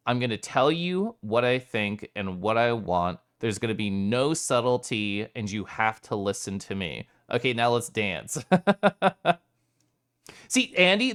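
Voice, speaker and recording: Young male streamer, smooth clear voice, chatty and laughing often, mid pitch. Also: a bit bright. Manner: chatty, reads chat aloud, frequent laughs. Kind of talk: casual live-stream chat.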